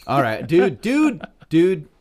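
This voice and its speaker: A man co-hosting a casual comedy podcast, spinning an animated story with lots of swearing. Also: a little high, slow. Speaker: podcast co-host.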